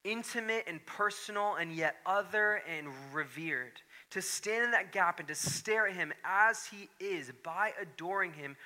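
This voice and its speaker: Bright-voiced man preaching conversationally. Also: high voice. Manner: conversational and playful, builds to excited emphasis. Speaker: pastor. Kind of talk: sermon.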